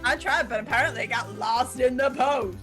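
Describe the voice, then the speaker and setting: A woman's voice: on the high side, fairly quick, soft background music, natural voice. A woman voicing a nosy, pushy female photographer with a put-on southern accent, in a fan dub of a game. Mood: brash. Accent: put-on American Southern. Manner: pushy, loud, stubborn. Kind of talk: fan voice acting of a game playthrough.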